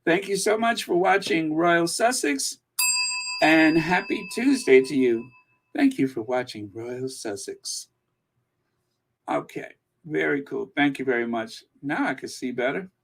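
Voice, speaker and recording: A man's voice: a little high, a little slow, gravelly, fairly bright tone. A man hosting a royal news channel, reading viewer comments in a rambling, self-amused casual chat.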